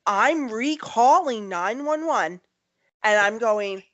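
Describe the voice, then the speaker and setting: A young woman co-hosts a podcast, casually telling lively stories and performing the voices of the people she quotes. Her voice is fairly high and expressive, she speaks slowly, and the recording sounds dull and lo-fi.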